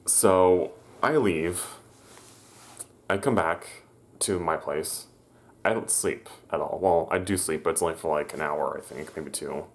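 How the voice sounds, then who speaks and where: Very deep-voiced man, halting storyteller. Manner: halting, stammers and restarts, corrects himself. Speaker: vlogger. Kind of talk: personal storytelling to camera.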